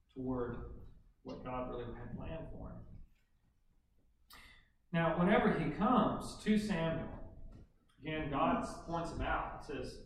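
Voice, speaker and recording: A man preaching a sermon, asking the congregation questions and building to emphatic high points. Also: a little hiss or hum. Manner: preaching with rhetorical questions, rising to emphatic peaks. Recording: very echoey room, voice from a distance.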